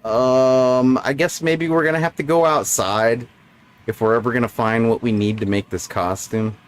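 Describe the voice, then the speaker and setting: A man's voice: medium pitch, steady tone, normal speed, smooth. A man streaming a video game, talking into a desk microphone in casual, jokey and sarcastic commentary that rambles along.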